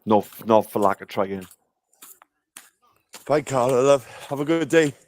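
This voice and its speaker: A man walking a country lane and filming himself on a handheld camera. His voice swings widely up and down in pitch, and he takes his time, drawling each phrase. He swears freely and coos at the animals he meets in a sing-song way. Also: expressive, a little slow. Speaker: vlogger. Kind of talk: casual walking vlog. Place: countryside lane and farm, outdoors.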